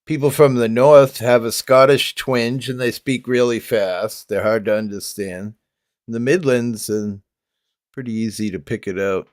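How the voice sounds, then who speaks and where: Slow-talking toothless man on a livestream. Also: medium pitch, steady tone, no echo, studio quality. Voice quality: toothless, gummy speech. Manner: chatty, laughs often, reads comments aloud. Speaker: livestream host reading chat. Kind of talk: casual livestream chat.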